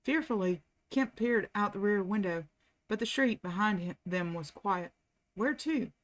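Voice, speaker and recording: A woman reading a novel aloud at a steady, unhurried pace, as the host of a reading channel. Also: medium pitch.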